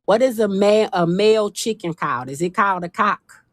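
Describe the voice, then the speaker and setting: A woman hosting a casual livestream, talking in an animated, folksy and teasing way. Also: medium pitch, fairly quick, no echo, studio quality. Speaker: livestream host. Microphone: phone.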